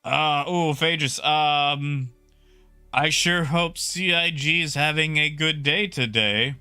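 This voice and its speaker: Excitable male game streamer, bright voice. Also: on the high side, slow pace, clean tone, dry recording, soft background music. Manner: excitable, talks to chat, repeats himself. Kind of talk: live gameplay commentary.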